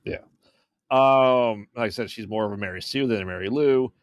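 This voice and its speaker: In clean studio sound with no room noise, a podcast co-host with a medium-pitched, clean-toned voice talks at a moderate pace. He casually discusses movies in a film review chat, laughing a lot and tossing in brief agreeing replies.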